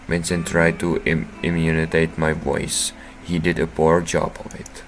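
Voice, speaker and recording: A man playing through a visual novel, reading the narration aloud and breaking into loud, profane reactions. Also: very deep voice, completely flat delivery, a little slow, few pauses, a little hiss or hum, poor audio. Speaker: game streamer. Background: faint game music.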